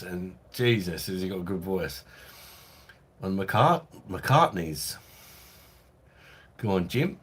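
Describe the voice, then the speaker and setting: This man has a low voice with a breathy edge. He hosts a casual live stream from home, reading viewer chat, joking around and laughing often as he rambles loosely.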